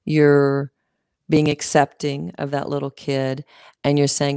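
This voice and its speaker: Woman life coach, earnest and encouraging, slight vocal fry, dry sound. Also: low-pitched, little pitch movement, slow pace, darkish tone, no room sound. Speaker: guest coach. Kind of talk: casual interview chat.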